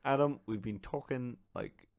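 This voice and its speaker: A man's voice: mid-range voice, wildly swooping pitch, creaky, no room sound. A man co-hosting a casual comedy podcast from a living room, dry and sardonic. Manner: dry, sardonic, quick to laugh. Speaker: podcast co-host.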